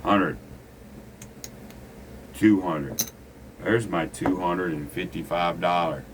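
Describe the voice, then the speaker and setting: Man, very low voice, blunt gambling teacher, faint noise behind. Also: slow pace. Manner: blunt, preachy, swears freely. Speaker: gambling instructor. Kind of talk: casual craps lesson at a table.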